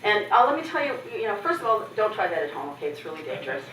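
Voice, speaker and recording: Very animated and very fast, a middle-aged Canadian woman with a medium-pitched, slightly bright voice gives a conference keynote. She tells personal stories with humor and candor and acts out what others said. A distant mic captures the hall's echo and slight background noise.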